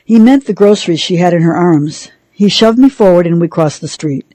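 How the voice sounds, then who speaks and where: A woman reading a novel aloud for a radio reading service, in a measured storytelling manner. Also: fairly low pitch, animated, dark tone, no echo, poor audio. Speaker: radio reader.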